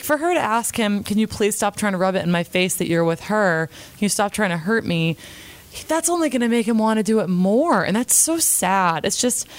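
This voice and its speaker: A woman's voice: lowish voice, clean tone, no room sound. A young woman casually recapping a reality episode in a chatty, opinionated way, quoting the cast as she goes. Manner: chatty, opinionated, retells scenes with quotes.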